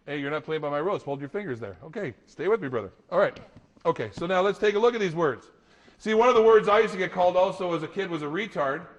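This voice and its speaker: A middle-aged man giving a lively talk to an audience, storytelling with laughter. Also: fairly high pitch. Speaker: motivational speaker.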